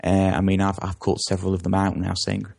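Guy with a low gravelly husky voice, rambly guest, keeps restarting his sentences. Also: monotone, quick pace, darkish tone. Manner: rambling, with frequent self-corrections. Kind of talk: conversational interview.

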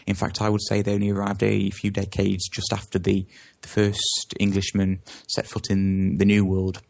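Guy with a low gravelly husky voice, rambly guest, keeps restarting his sentences. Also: monotone, normal speed, darkish tone. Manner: rambling, with frequent self-corrections. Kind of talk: conversational interview.

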